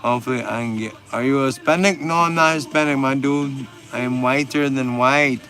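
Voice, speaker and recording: A man's voice: medium pitch, steady tone, normal speed, music in the background. A man, hosting a casual livestream and bantering with viewer comments in laid-back, profane slang. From Texas. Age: 40s. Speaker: livestream host.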